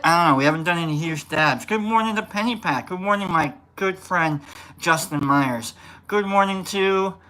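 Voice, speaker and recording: A man's voice: high-pitched, bright, forceful tone. A man hosting a casual morning livestream, greeting viewers one by one by name and rambling loosely. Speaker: livestream host.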